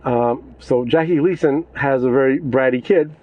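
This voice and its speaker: Male podcast co-host, relaxed storyteller, muffled lo-fi sound. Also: mid-range voice, normal speed. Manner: storytelling, laughing, recounting movie scenes. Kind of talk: casual chat.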